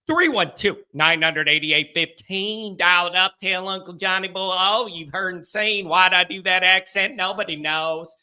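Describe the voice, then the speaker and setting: A man running his own call-in sports show talks in a loose, rambling way, poking fun at himself as he goes. His voice sits high and rings sharp and bright. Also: clear, resonant tone. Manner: rambling, self-deprecating, quick laughs. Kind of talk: casual sports talk monologue.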